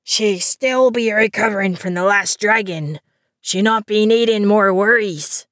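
A woman voicing a gruff male river troll who speaks in broken grammar. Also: mid-range voice, a little slow, fairly bright tone, no room sound, clean studio sound, natural voice.

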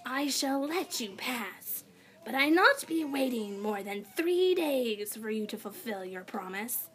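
Woman doing a slow hissing bridge troll. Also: fairly high pitch, expressive, fairly bright tone. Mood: menacing. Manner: slow, broken grammar, hissing and growling. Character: menacing male bridge troll, thin and ugly.

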